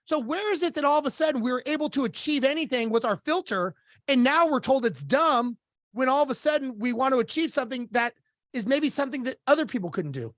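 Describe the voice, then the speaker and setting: A man telling stories as a business coach and podcast guest, lively and casual, acting out the dialogue he recounts and swearing now and then. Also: very high voice, a little fast, dry recording, clean studio sound. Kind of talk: storytelling in a podcast interview.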